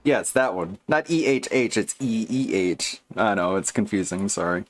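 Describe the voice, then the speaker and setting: A man's voice: on the low side, expressive, normal speed. A man streaming live, reacting to clips with casual, incredulous and mocking commentary.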